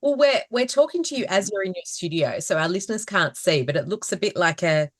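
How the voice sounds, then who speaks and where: A woman's voice: lowish voice, lively intonation, brisk, no room sound, clean studio sound. A woman co-hosting a podcast, asking curious, upbeat questions. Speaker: podcast co-host. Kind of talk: casual interview chat.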